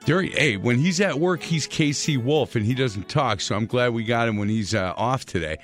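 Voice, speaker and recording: A man's voice: medium pitch, normal speed, faint music behind. A man hosting a sports radio show in a studio, telling stories in a chatty way and laughing at his own tales. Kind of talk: casual radio talk. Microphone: studio microphone.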